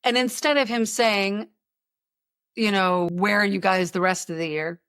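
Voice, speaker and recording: A woman podcast host in relaxed conversation, spinning anecdotes with quick asides. Her voice is mid-pitched and recorded very close and dry, with no room sound at all. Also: clear, resonant tone, no room sound. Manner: chatty, storytelling with asides and impressions. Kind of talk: casual chat.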